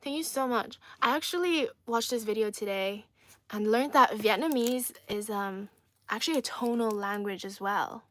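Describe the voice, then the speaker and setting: A woman's voice: on the high side, moderate pace, fairly bright tone. A young woman from China hosting a casual livestream, chatty and playful, laughing often and repeating herself as she reads comments. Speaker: livestream host.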